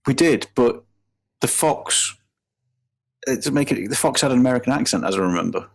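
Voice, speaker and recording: Gravelly British man, teasing and sarcastic. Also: medium pitch, animated, moderate pace, poor audio. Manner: teasing, sarcastic, swears a lot. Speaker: podcast guest. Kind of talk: casual banter.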